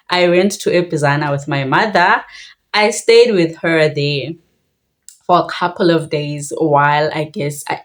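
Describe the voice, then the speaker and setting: A young woman with a low voice and a South African Xhosa accent tells a personal story reflectively, switching languages mid-sentence.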